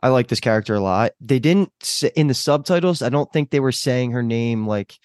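A man's voice: mid-range voice, brisk, a little mellow, no room sound, clean studio sound. A man co-hosting a show discussion, enthusiastic and full of "like" fillers. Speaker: podcast co-host. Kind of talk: casual chat.

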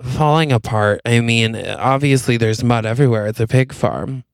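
A man co-hosts a comedy podcast, playfully spinning an improvised story. His voice is smooth and resonant. The sound is close and dry. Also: mid-range voice, moderate pace, dry recording. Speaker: podcast co-host.

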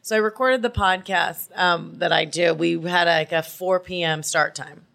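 A woman's voice: on the low side, normal speed, vocal fry, fairly bright tone. A woman in her thirties telling candid, profane stories in a casual comedy podcast chat, acting out what people said. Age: 30s. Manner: candid, profane storytelling with acted-out quotes. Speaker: podcast guest.

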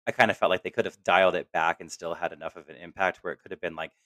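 A man with a low voice who talks quickly. He is animated in casual film chat, acts out what characters said and breaks into laughs. The sound is close and dry. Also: no room sound. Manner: animated, acts out quoted lines, laughs often. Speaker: podcast co-host.

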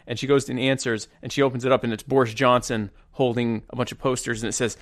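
A man's voice: mid-range voice, level tone, fast, hardly any pauses, fairly bright tone, no room sound, clean studio sound. Chatty man co-hosting. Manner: rambling, chuckling, restarts often. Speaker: co-host. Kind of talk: casual political chat.

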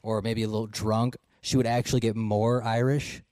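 Crude, animated podcast host; mellow, dry close sound. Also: male voice, on the low side, moderate pace, no echo. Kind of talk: casual chat.

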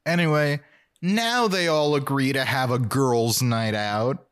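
A man co-hosting a podcast, recapping a TV episode in casual chat and cracking dry, quick jokes. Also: medium pitch, a bit bright, smooth. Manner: dry, joking, riffs with quick asides. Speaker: podcast co-host.

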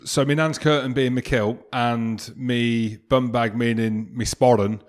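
A man from England chats on a podcast in a loose, self-mocking tone. He jokes his way through the talk in a plain, mid-pitched voice. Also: fairly even intonation, unhurried. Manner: jokey, self-mocking banter. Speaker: podcast co-host. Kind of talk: casual podcast chat.

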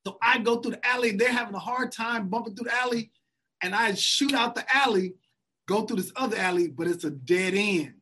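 A man's voice: sits high, a little fast. A man telling a wild story from his youth in a casual chat, laughing often and acting out what people said. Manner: animated storyteller, laughs often, acts out quotes.

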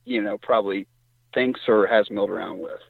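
A middle-aged man from Indiana, a hunter telling stories in casual talk and jumping up in pitch when he quotes others. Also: brisk, gravelly, slightly rough, dry recording. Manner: animated storyteller, voice jumps high when quoting others. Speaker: guest hunter. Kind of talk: casual storytelling. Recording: tinny phone line.

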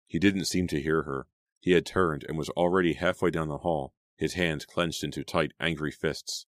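A man reads an audiobook in a steady, measured way. His voice is extremely deep, and the sound is dry and close with no room echo. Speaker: audiobook narrator. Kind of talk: scripted audiobook narration.

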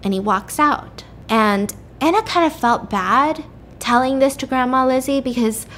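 A young woman with a voice pitched a little high tells a story to her listeners. She talks casually and stays animated, acting out the characters' lines and throwing in playful swears. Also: a little slow, a little hiss or hum. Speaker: podcast host.

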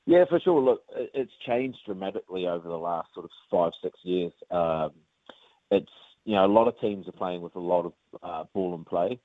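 Deep-voiced kiwi rugby man on a phone line. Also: moderate pace, no room sound. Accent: New Zealand. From New Zealand. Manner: relaxed, rambling with many fillers, calls the host mate. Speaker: rugby player interviewed. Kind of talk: casual interview chat.

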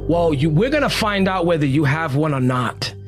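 A man's voice: a little high, animated, normal speed, faint music behind. A man preaching in a playful, teasing way during a live-streamed sermon.

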